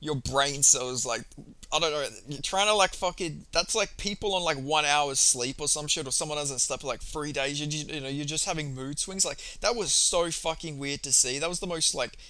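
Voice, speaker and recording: Excitable, profane young man recapping fights. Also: fairly high pitch, moderate pace, no echo. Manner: excitable, profane, rambling with many fillers. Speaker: MMA commentary vlogger. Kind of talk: casual recap monologue.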